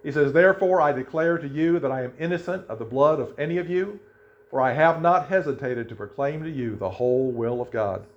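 A man's voice: fairly high pitch, brisk, highs cut off. A male pastor preaching a sermon, reading scripture aloud and asking the congregation emphatic questions.

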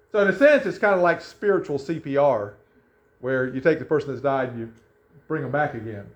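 A man preaching a sermon in a conversational way, often restarting his sentences. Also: fairly high pitch. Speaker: pastor. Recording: echoey room, dull lo-fi sound.

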